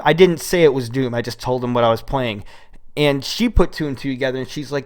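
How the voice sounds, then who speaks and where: A young American man in his twenties telling a long personal story on his own. His delivery is rambling, animated and full of swearing, at an ordinary, mid-range pitch. It is recorded on an old microphone. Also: quick pace. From United States. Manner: rambling, profane, animated retelling. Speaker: solo storyteller. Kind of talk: casual storytelling monologue.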